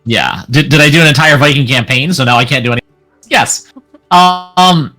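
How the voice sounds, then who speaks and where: A man's voice: mid-range voice, animated, normal speed, pushed and bright, faint music behind. A young man narrating as game master, hesitant and full of fillers. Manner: hesitant, lots of uh and um.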